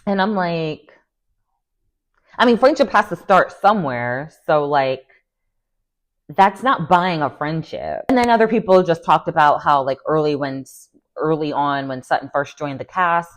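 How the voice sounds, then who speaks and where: A young woman giving an opinionated, chatty recap of a reality show, often quoting the cast in lively voices. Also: sits low, unhurried. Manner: chatty, opinionated, quotes people in animated voices. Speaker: recap vlogger. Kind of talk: casual recap commentary.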